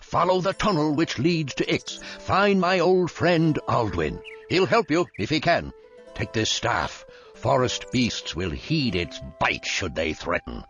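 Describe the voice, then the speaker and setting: A grave old game mentor. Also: male voice, medium pitch, sing-song, fairly bright tone. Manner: grave, measured, calls the hero lad. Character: gruff old male guide sending a young hero off. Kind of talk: game cutscene voice acting. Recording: dull lo-fi game audio with music.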